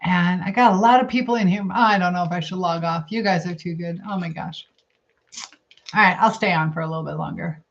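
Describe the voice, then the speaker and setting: A gravelly, lowish-voiced middle-aged woman talks a little fast as she hosts a casual live chat. Between bites, she reads comments and rambles, thinking aloud, and the lo-fi stream sound is dull.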